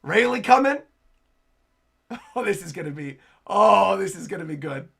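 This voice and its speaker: A man's voice: fairly high pitch, moderate pace, vocal fry, a bit bright, breathy edge. A man hosting a livestream and reacting to a manga chapter, enthusiastic as he reads his chat aloud. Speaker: livestream host.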